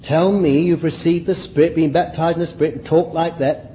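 A man's voice: on the high side, steady tone, a little fast, lo-fi sound, a little hiss or hum. A man preaching a fervent sermon, exclaiming and laughing between points.

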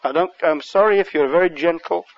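Impassioned English preacher, high voice. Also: male voice, quick pace, no room sound, lo-fi sound. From England. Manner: impassioned, surges louder on key words. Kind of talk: sermon.

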